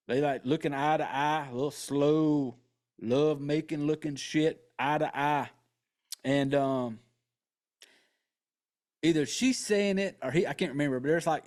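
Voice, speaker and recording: Retelling a horror film's storyline, this male podcast host keeps things casual, profane and full of jokey asides. His voice is a little high and a little mellow.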